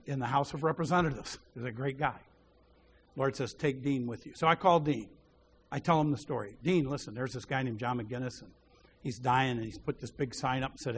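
A man preaching a sermon, telling a story and acting out the voices in it, dropping to a hushed voice when he quotes a prayer. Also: medium pitch, a little hiss or hum. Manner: animated storyteller who acts out the dialogue.

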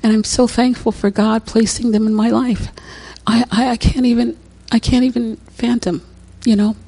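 A woman's voice: a little high, little pitch movement, normal speed, mellow. An older woman telling a personal story in a chatty way, often laughing and repeating herself. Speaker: speaker sharing a testimony. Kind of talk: personal story, casual testimony.

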